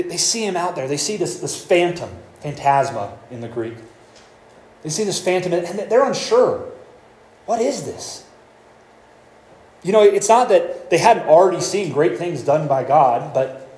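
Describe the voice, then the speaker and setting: Male pastor, fairly high voice, reads scripture then explains it earnestly, echoey room. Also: a little mellow. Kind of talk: sermon.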